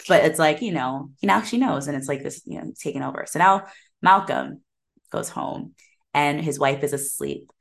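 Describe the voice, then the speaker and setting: Low-voiced woman retelling a film. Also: gravelly. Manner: animated retelling, slips into quoted voices, laughs often. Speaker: podcast co-host. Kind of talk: casual chat.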